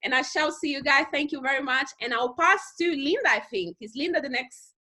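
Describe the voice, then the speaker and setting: A woman's voice: fairly quick, pushed and bright. A woman giving a motivational talk to her team on a video call, emphatic and repeating phrases for stress. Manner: mimics other people in high squeaky voices. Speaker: team leader on a group call.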